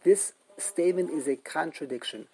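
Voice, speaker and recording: A man's voice: fairly high pitch, moderate pace, mellow, low-quality recording. A man giving a Talmud class lecture, explaining emphatically and repeating himself, mixing Yiddish and Hebrew terms. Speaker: Talmud teacher.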